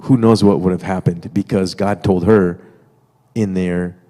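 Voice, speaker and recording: A man's voice: low-pitched, fairly even intonation, measured pace, warm tone. A man sharing a testimony in a church, talking easily and conversationally to the congregation. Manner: easygoing, conversational, fillers and asides to the congregation. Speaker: guest speaker sharing testimony with wife. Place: church sanctuary. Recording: reverberant church sanctuary.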